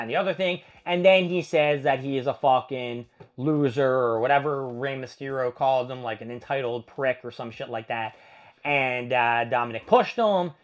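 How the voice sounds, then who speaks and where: A man with a mid-range voice hosts a casual wrestling review vlog, rambling through a profane play-by-play of the matches and acting out what the wrestlers said. The audio sounds dull.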